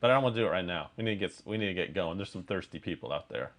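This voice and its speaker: A man's voice: low-pitched, animated, rapid-fire, a bit bright. A man co-hosting a live beer show and running the stream, speaking in short, dry remarks. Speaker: co-host and producer. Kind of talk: casual live-stream chat.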